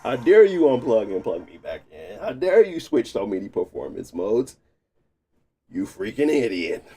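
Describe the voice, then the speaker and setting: A man's voice: on the low side, big pitch swings, normal speed, mellow. A man voicing an indignant gaming handheld that scolds its owner in an outraged, insulting way.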